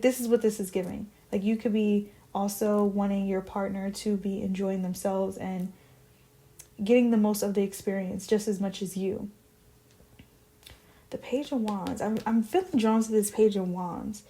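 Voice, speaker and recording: Woman, tarot reader, warm mellow tone, relaxed chatty musing delivery. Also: medium pitch. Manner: musing, chatty, drifts into soft whispers when drawing cards. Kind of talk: casual tarot reading.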